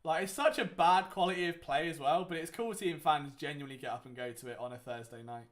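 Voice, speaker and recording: A man's voice: fairly high pitch, fast talker, a bit bright. A young man hosting a casual live watchalong, talking in a rambling way with lots of fillers. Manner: chatty, rambling, many fillers. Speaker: watchalong host. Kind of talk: casual live game commentary.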